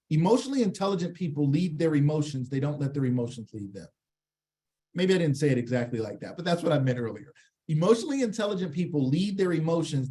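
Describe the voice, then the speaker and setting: Upbeat male trainer on a video call. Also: a little high. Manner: lively, jokey, acts out little scenes in changing voices; engages the chat audience with questions. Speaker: workshop presenter. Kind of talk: live online training talk.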